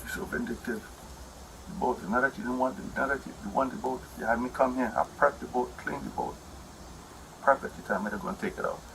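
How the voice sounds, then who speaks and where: Inside a house, a husband complains to an officer about a domestic dispute, rambling in an aggrieved, repetitive way. His mid-range voice is animated, fast, and full of vocal fry, with background noise behind him.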